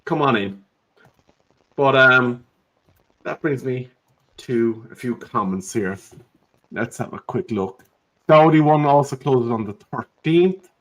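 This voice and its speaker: A man's voice: mid-range voice, slow pace, long pauses, fairly bright tone, rough recording. A man, hosting a casual live stream in a chatty, joking way and reading out viewer comments.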